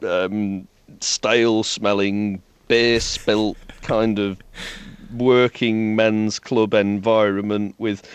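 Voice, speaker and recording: A man's voice: fairly low pitch, little pitch movement, drawn-out words, clean tone. A male singer, a guest in an interview, talking casually with a self-deprecating manner and frequent restarts.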